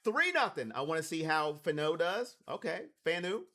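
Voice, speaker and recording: A man with a high, bright, ringing voice calls a football game play by play for a live stream. He talks straight to his chat in an energetic, hype-driven way. His voice sounds worn thin from talking. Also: normal speed. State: voice wearing thin. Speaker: livestream watch party host.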